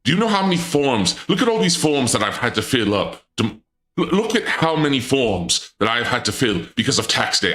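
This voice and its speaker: A man streams casually as a dark lord, indignant and flustered, with a sing-song, brisk delivery. He frequently stammers and starts over, and his voice sometimes jumps into abrupt high-pitched outbursts.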